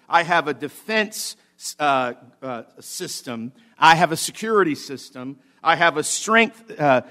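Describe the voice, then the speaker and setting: A man's voice: on the high side, bright, forceful tone. A male pastor preaching a sermon in a church service, repeating key phrases for emphasis, checking in with the congregation, and building to fervent exclamations.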